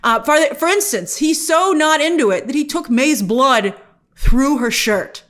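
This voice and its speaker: A woman hosting an online show, giving a casual spoken review with animated, exasperated energy and asking the viewers questions. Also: high voice, unhurried. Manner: animated and exasperated, often mock-quoting characters; talks directly to the viewers with questions.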